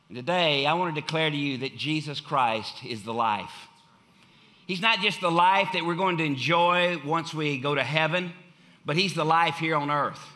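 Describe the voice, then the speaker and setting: A man preaching a sermon in a church, emphatic and given to repeating key phrases, swinging from loud declarations to hushed, quiet lines. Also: on the high side, lively intonation, normal speed. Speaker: pastor. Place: church sanctuary.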